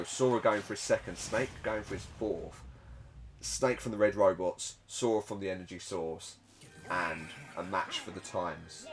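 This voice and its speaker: A man giving casual, chatty commentary on a computer-run fighting game tournament, excitable with joking self-mocking asides. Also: low voice.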